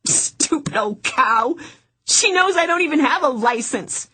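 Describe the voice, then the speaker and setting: A woman's voice: medium pitch, expressive, normal speed, pitched above the performer's own voice, close to an everyday voice. A woman voicing an outspoken, exasperated woman investigator in a first-person audiobook. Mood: frazzled.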